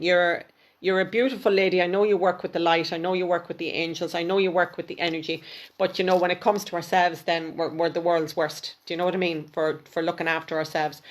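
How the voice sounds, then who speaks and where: A woman, a spiritual mentor, giving intuitive card readings on a live stream and speaking fondly to each viewer by name. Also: on the low side. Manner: warm, affectionate, speaks directly to viewers by name. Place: home, at a table with cards.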